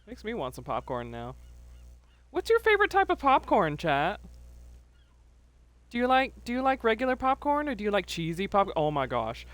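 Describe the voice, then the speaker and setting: Woman streamer, animated and laughing, slow lively delivery, dry close mic. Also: medium pitch, no echo. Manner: animated, laughs often, reads chat messages aloud. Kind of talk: casual livestream chat.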